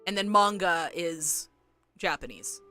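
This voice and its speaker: A woman's voice: lowish voice, expressive, takes it slowly, pushed and bright, faint music behind. A woman streaming a game and chatting with viewers, agitated and rambling with many restarts and apologies. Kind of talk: casual live-stream chat with viewers.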